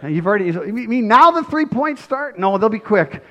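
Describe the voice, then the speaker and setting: A male pastor giving a conversational, animated sermon, often checking in with tag questions and acting out scenes. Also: sits high, moderate pace, lo-fi sound.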